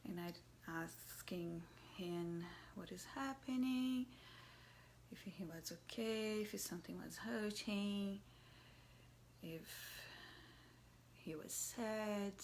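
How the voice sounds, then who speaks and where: A mother telling a personal story in a soft, halting voice that often drops to a whisper. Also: medium pitch, slight background noise. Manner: halting, searching for words.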